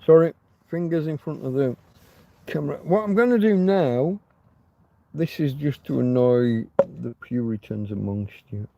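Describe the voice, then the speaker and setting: A man hosting a casual late-night livestream from his bed, rambling and chatty, talking to his dog in a soft doting voice between asides to his viewers. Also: mid-range voice, measured pace, vocal fry, dull audio, a little hiss or hum. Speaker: livestream host. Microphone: phone camera held close.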